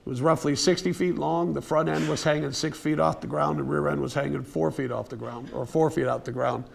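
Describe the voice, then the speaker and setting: A man giving a casual, unscripted museum lecture, telling a story in a folksy way with fillers and restarts and now and then clearing his throat. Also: on the high side, steady tone, a little fast. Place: museum presentation room.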